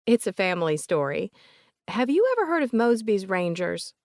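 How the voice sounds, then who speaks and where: A woman voicing an older woman with a soft Southern accent, polite and remorseful, recalling family memories in a gentle, chatty way. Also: mid-range voice, sing-song, normal speed, dry recording, studio quality.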